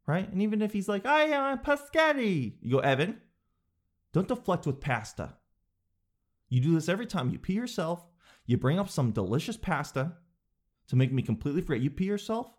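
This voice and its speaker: A man delivering a comedic monologue, sarcastic, breaking into high silly voices to mock people. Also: a little mellow.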